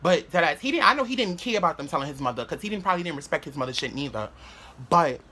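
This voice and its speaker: A man's voice: on the high side, expressive, racing, pushed and bright, slight background noise. A man telling a story to camera in a casual vlog, rambling with lots of "like" fillers, restarts and swearing. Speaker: vlogger.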